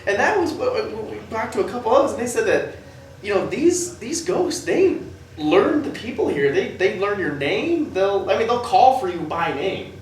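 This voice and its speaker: An interviewer asking casual follow-up questions in a friendly, laughing way, with quick nods of agreement. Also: mid-range voice, sing-song. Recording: very echoey room, distant mic, faint noise.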